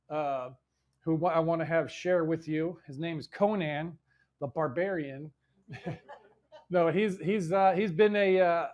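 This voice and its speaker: A man's voice: fairly high pitch, a little mellow, dull audio. A man hosting a live in-person event, talking casually in a rambling way, repeating words and swearing now and then. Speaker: show host. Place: indoor venue in front of an audience.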